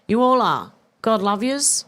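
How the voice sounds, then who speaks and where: A woman in her 50s hosts a casual live stream, reading chat comments aloud in a chatty, self-mocking way, swearing as she goes and laughing in confusion over a joke. Her voice is a little high and sing-song, with a fairly bright tone and a measured pace.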